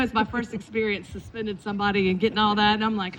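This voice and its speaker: A middle-aged woman, a basketball coach, telling lively stories in a eulogy and acting out the quotes. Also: medium pitch, fast talker, lo-fi sound. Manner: animated storytelling with acted quotes. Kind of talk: eulogy with storytelling. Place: indoors at a funeral gathering.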